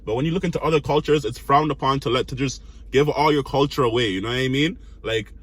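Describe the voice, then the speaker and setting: A man's voice: medium pitch, fast, slightly rough. A man giving rambling casual commentary, constantly asking "you know what I mean". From Canada. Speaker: commentary host.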